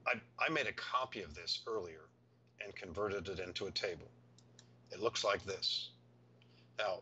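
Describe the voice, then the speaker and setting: Male software tutor, lowish crisp voice, walks through steps patiently, slightly muffled recording. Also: a little hiss or hum. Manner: patient step-by-step explaining, thinking aloud. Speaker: software instructor.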